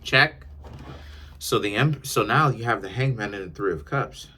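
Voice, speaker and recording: A man's voice: on the low side, expressive, moderate pace, bright, forceful tone, husky. A man giving a tarot reading in an emphatic, lecturing monologue, often repeating his words. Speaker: tarot reader.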